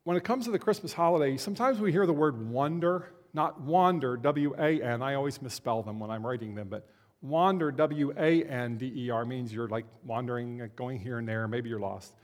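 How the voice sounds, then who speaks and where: A man giving a conversational Christmas sermon as a pastor, slowing down to stress key words. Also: mid-range voice. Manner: conversational, slows down for emphasis. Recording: long hall reverb.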